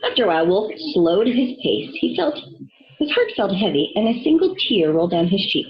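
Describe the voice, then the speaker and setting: A woman reading a children's storybook aloud, expressive and storytelling. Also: medium pitch, moderate pace, lo-fi sound. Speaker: reader.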